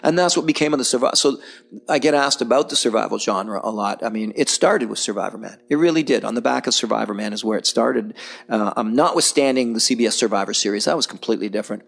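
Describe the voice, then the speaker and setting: Brief: middle-aged male guest, gravelly, mid pitch, blunt, animated storyteller. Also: fast talker. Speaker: podcast guest, survival filmmaker. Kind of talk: candid conversational interview.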